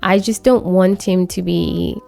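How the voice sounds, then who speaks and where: A woman voicing a grieving young man in a life-sim game, speaking his lines in a casual, quick paraphrasing way. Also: on the low side, fairly even intonation, creaky, darkish tone, soft background music. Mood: earnest.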